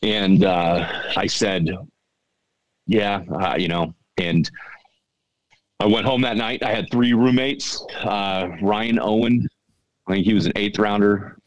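A middle-aged man telling a story on a podcast in a halting, earnest way, often repeating his words. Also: fairly low pitch, fairly even intonation, dry recording, dull audio. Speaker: podcast guest. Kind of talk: casual storytelling.

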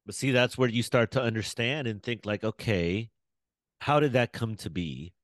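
A man's voice: mid-range voice, normal speed, a bit bright, no echo. A man in casual podcast chat, musing and asking reflective questions.

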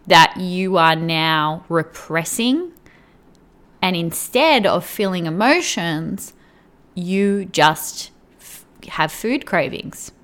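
A woman's voice: lowish voice, fairly bright tone. A woman coach giving earnest direct advice to the viewer, often checking in with "right?" and "okay?". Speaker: weight-loss coach.

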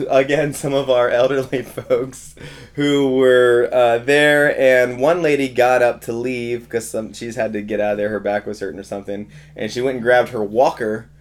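A man in his thirties, a pastor chatting casually and telling lively stories, acting out the voices of the people in them. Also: mid-range voice, normal speed, hardly any pauses. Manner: animated storyteller acting out quoted voices. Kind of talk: casual podcast chat.

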